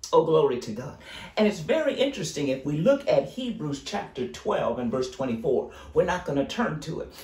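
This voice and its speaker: A man's voice: fairly high pitch, reverberant, recorded from a distance. A man teaching a Sunday school lesson, preaching fervently with frequent exclamations of praise. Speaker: Bible teacher.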